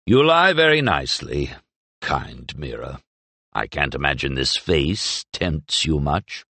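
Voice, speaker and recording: A man voicing a burly middle-aged soldier who is gruff and used to giving orders. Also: rumbling low, big pitch swings, slow, bright, forceful tone, no echo, voice pushed down, heavily acted. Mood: wheedling.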